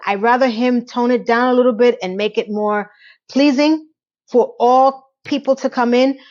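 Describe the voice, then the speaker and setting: A woman giving a casual, opinionated TV recap, chatty and rambling with quick asides, now and then acting out lines from the show. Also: on the high side, muffled recording. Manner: acts out characters' lines in quick quotes. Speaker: TV recap reviewer.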